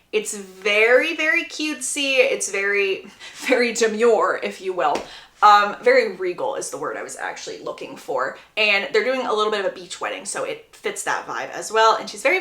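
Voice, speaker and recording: A young woman casually retelling a book's plot, chatty and playful, acting out the characters' lines in quick voices. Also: medium pitch, a bit bright, reverberant. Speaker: book recap creator.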